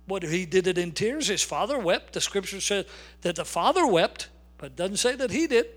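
An older man preaching a sermon as a pastor, emphatic, slowing down to stress key words. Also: sits high, sing-song.

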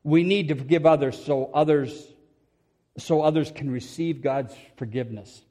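A middle-aged preacher tells a sermon story in a church, his voice pitched a little above the usual for a man. He laughs as he goes and acts out what others said, rising to loud bursts and then dropping low and quiet. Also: moderate pace.

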